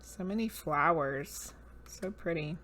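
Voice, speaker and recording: A woman's voice: on the low side, slow pace, a bit bright, a little hiss or hum. A woman with a Southern US accent chatting casually on a livestream, musing over cards and talking to viewers. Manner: musing, reads card names aloud, chats with viewers. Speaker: streamer.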